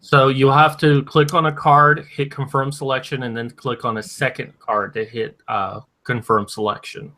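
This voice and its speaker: A man's voice: mid-range voice, little pitch movement, moderate pace, hardly any pauses, sharp tone. A man hosting a card game stream, explaining the rules and keeping the players in order. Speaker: game host. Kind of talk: casual game-stream chat.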